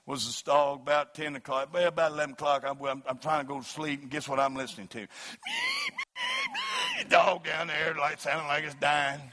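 A middle-aged man delivers a sermon in a fairly high voice. He climbs into loud, fervent shouts when he preaches, then drops into a relaxed, humorous storyteller's tone. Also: moderate pace. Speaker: pastor.

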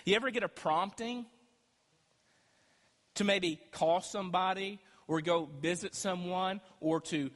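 A man preaching a sermon as pastor, emphatic and swinging between loud and quiet. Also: sits high. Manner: emphatic preaching, rising and dropping loudness. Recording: echoey hall with long reverb.

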